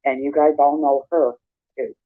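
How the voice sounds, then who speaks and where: A man's voice: on the high side, level tone, normal speed, no echo. Hesitant man over a tinny phone line. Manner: hesitant, filler-heavy. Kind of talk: casual chat.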